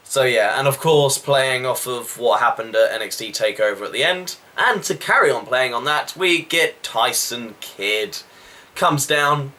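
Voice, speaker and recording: A man's voice: mid-range voice, animated, measured pace, bright, forceful tone. Guy doing a casual wrestling recap, rambly and chatty, lots of asides. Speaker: wrestling show reviewer. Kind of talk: casual video review.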